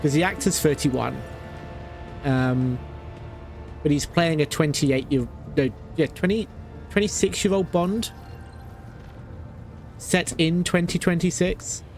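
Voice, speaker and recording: Man, game streamer, chatty and laughing, slightly high voice, faint music. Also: slow pace, pauses often. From Britain. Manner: chatty, ranting, laughs often. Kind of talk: casual chat while playing.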